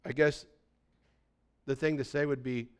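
A man's voice: medium pitch, fairly even intonation, a little slow, clear, resonant tone. A pastor in his sixties preaching a sermon in a conversational storytelling way, often checking in with his listeners.

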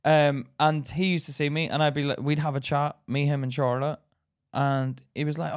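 A man's voice: fairly high pitch, level tone, normal speed, no echo, clean studio sound. Blunt, swearing young man. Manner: blunt, swears freely, laughs at his own stories. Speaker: podcast co-host. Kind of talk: casual chat. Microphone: podcast mic.

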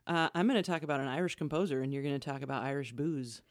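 A woman radio host co-hosting a podcast in casual chat, with a smooth, measured presenter delivery that turns conversational. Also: very deep voice, no echo, clean studio sound.

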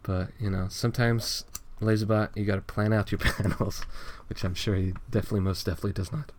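A man's voice: on the low side, fast, noisy background. A man hosting a casual podcast, recapping a comic with frequent laughs and swearing. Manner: laughs often, swears freely, animated storytelling. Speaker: podcast host reading a comic. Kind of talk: casual chat.

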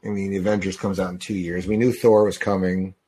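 A man's voice: low-pitched, little pitch movement, fast talker, dark tone, husky. A man co-hosting a podcast, chatting casually while watching a movie, rambling and laughing often. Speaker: podcast co-host. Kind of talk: casual chat during a movie watch-along.

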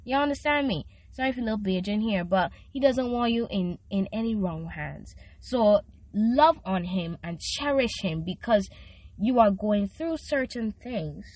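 A woman's voice: mid-range voice, animated, measured pace, a little mellow, no room sound. A teenage girl hosting a casual faith podcast, chatty and slangy as she encourages her listeners. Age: teens. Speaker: podcast host. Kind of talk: casual devotional podcast talk.

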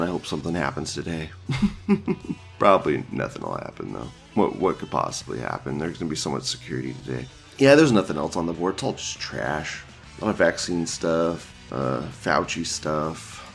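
A man's voice: deep voice, creaky. A young man hosting a show, reading forum posts aloud and mocking them in crude, casual talk, often breaking into laughter. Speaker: host reading image-board posts. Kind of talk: casual profane commentary.

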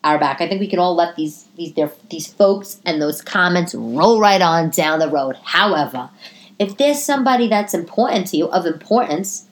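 Chatty, profane woman podcast host. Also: normal speed. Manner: chatty and profane, swings into animated high-pitched asides. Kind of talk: casual solo podcast monologue. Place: living room.

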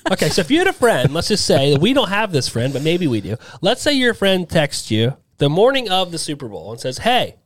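Animated man telling stories. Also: fairly high pitch, brisk, few pauses, no echo, studio quality. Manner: rambling storyteller, acts out quoted voices. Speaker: podcast host. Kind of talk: casual chat. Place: studio.

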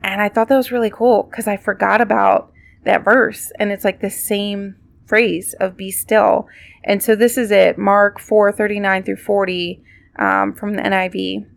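A woman's voice: medium pitch, fairly even intonation, a little slow, creaky, dry recording. A woman hosting a podcast, giving a casual devotional talk in a reflective, conversational way with many fillers. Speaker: podcast host.

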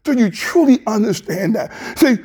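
A man's voice: sits high, expressive, normal speed, dark tone, breathy edge. A male pastor, preaching a passionate sermon in a church, hollering with plain colloquial speech.

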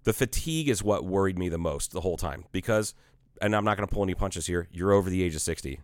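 A middle-aged man in casual podcast chat, blunt, teasing and quick to swear, on a studio mic. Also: low-pitched, animated, no room sound. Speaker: podcast co-host.

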